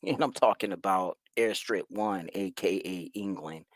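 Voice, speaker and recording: A man hosting a show, reacting to news clips in a casual, profane way, loud and laughing, swinging from shouts to mumbles. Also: low-pitched, unhurried, no room sound, clean studio sound. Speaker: host.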